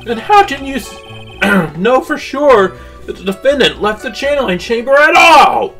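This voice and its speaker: A woman's voice: on the high side, very animated, normal speed, fairly bright tone, faint music behind. A woman playing a flustered young male lawyer. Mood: exasperated. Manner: exasperated, wry asides. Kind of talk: fan dub of a game.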